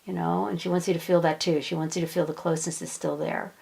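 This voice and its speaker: A woman hypnosis practitioner gently passing on messages in a soft way, often repeating her words. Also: fairly low pitch, little pitch movement, fast talker, gravelly, poor audio. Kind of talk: gentle relaying of channeled messages.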